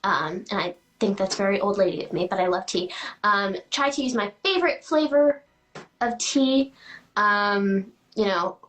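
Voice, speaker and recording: A woman's voice: mid-range voice, expressive, normal speed, a bit bright, rough recording. A teenage girl, a guest actress, answering interview questions chattily with lots of fillers and giggles.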